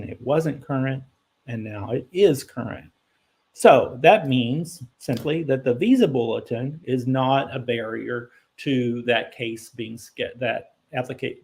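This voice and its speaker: A man's voice: mid-range voice, vocal fry, a little mellow. A man hosting a live immigration Q&A, answering viewer questions in a conversational way, thinking aloud with ums and self-corrections, and turning blunt when he corrects misconceptions.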